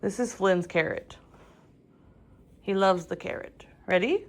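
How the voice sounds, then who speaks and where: A woman's voice: mid-range voice, measured pace, soft background music. A woman vlogging casually at home, cooing and baby-talking to her cats. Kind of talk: casual chat. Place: home, indoors.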